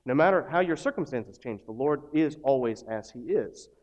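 A male pastor delivering a sermon in a relaxed, conversational manner. His voice sits at an ordinary middle pitch. He drops to a hush on some lines and rises loud and emphatic on others. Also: moderate pace.

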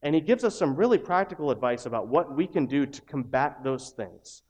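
Guy pastor preaching, chatty sermon, goes quiet then gets loud, middle pitch. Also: lively intonation, a little fast. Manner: conversational preaching, swings from hushed to loud emphatic lines.

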